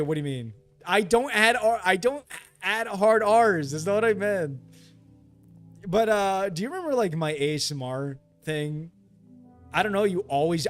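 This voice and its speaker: A high-pitched man chats casually through a late-night gameplay stream, teasing and bantering with his viewers. He jumps and yelps when something startles him, and faint music plays underneath. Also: fairly bright tone. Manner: joking, reads and answers chat. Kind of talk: casual live gameplay chat.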